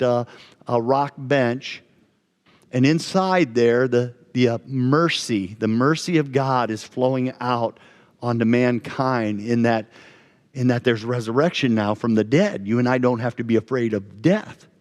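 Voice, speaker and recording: A man's voice: mid-range voice, darkish tone. A male pastor preaching a sermon in a conversational way, asking his congregation questions. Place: church sanctuary. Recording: long church reverb.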